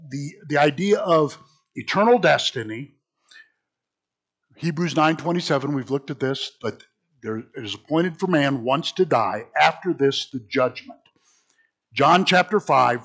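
A man's voice: mid-range voice, fairly bright tone. A man teaching an informal Bible class, chatty and self-mocking, who laughs at his own jokes and reads scripture aloud.

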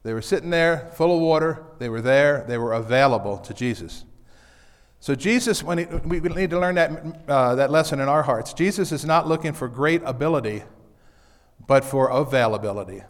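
A man's voice: medium pitch, animated, normal speed. Folksy man preaching in a reverberant church. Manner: repeats key lines, folksy asides. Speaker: pastor. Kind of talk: casual conversational sermon. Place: church sanctuary.

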